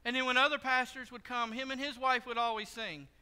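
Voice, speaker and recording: A pastor giving a sermon in a church, telling stories in a conversational, joking way. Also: male voice, very high voice, fairly even intonation, brisk, sharp tone, clean tone. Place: church sanctuary. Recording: long hall reverb.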